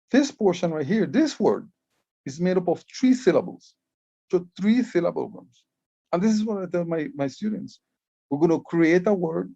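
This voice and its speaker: A man's voice: on the high side, a little mellow, no room sound, lo-fi sound. A man from Belize, giving an explanatory conference talk as a Maya writing educator, often repeating words as he starts a phrase. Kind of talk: conference presentation.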